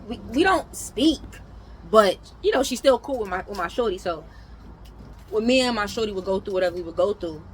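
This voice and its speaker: A young woman from New York telling a casual storytime, animated, with loud outbursts and mumbled asides. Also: lowish voice, a little hiss or hum, rough recording.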